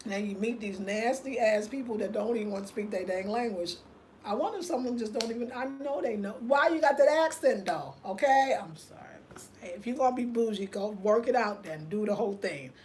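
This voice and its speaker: A woman hosts a casual livestream, telling her stories with animated delivery and talking straight to her viewers. Her voice sits on the higher side. A faint hiss of noise runs under the recording. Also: fairly quick. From United States. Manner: animated storytelling, talks straight to viewers, reads comments aloud. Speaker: host.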